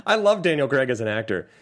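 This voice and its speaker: A man's voice: mid-range voice, brisk. A man co-hosting a casual podcast, breaking down a movie with laughs and jokey asides. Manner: animated, laughing, jokey impressions. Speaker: podcast co-host.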